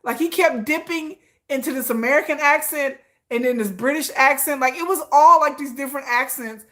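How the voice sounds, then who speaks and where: Gushing, excitable woman host. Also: high-pitched, a little fast. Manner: gushing and excitable, with many restarts and laughs. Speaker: K-pop commentary host. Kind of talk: casual chat.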